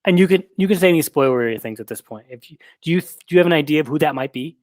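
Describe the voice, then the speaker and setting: A man co-hosting a podcast, chatting casually and retelling film scenes with lively acted-out quotes. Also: on the high side, very fast, no echo. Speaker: podcast co-host. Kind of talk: casual film recap chat.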